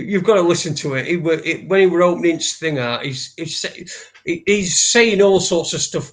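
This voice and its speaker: A man hosting a casual live show, rambling and restarting his sentences and swearing freely. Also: on the high side. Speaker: host.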